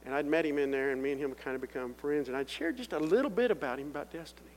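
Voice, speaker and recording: A man's voice: a little high, very fast. Earnest middle-aged man testifying in a hall. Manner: earnest storytelling that swells into loud appeals to the crowd. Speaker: testimony speaker. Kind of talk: sermon-style personal testimony. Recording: echoey hall with faint hum.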